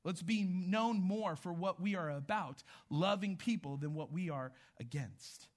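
A man's voice: sits high, measured pace. A man preaching a sermon as pastor, in a conversational storytelling manner. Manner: conversational storytelling, animated retelling.

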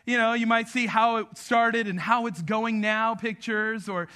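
A man's voice: very high voice, steady tone, a little slow, sharp tone. A man in his thirties from New Mexico preaching a sermon as pastor, in a casual, chatty way, telling stories with jokes. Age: 30s. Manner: casual, chatty, joking storyteller.

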